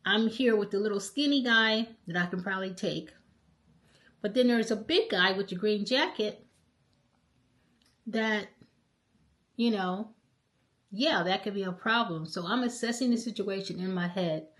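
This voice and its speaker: Middle-aged woman vlogger, casual and emphatic storytelling to camera, average pitch. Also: measured pace, long pauses. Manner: animated, emphatic retelling with frequent "okay?" check-ins. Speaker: travel vlogger.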